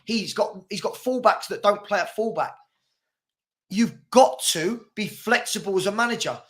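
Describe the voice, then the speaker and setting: A man hosting a heated football debate, forceful and insistent, talking over his guest. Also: high voice, normal speed. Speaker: host.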